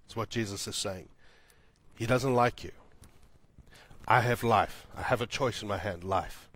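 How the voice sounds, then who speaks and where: A man preaching a sermon as pastor, repeating lines for emphasis, building loud and high, then dropping soft and low. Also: measured pace. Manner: swells louder and higher when building to a point, then drops soft and low.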